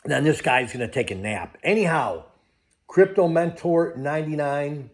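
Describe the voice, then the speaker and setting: Speaking with lively intonation at a moderate pace, this older man's voice sits on the high side. He's a crypto vlogger chatting casually in a travel vlog, drifting off topic and losing his thread as he goes.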